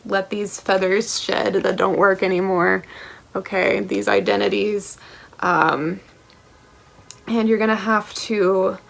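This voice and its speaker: A woman's voice: medium pitch, fairly even intonation, slow pace, creaky. A woman giving a tarot reading to camera, blunt and passionate, swearing freely and checking in with the listener as she goes. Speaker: tarot reader.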